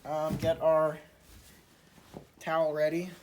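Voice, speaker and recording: A man's voice: fairly high pitch, completely flat delivery, slow pace, slight background noise. A young man hosting a casual workshop vlog in his shed, easygoing and thinking aloud with fillers. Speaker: channel host.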